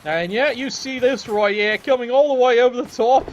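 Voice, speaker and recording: A man's voice: very high voice, normal speed, slight background noise. A man giving casual, jokey play-by-play commentary on a video game match, swearing freely and keeping a wry tone.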